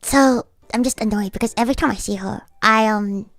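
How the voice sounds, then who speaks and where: Woman streamer, higher voice, dry close sound, swears freely while ranting, faint music underneath. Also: fairly quick, no echo. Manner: blunt, profane, ranting storyteller. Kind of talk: casual livestream chat.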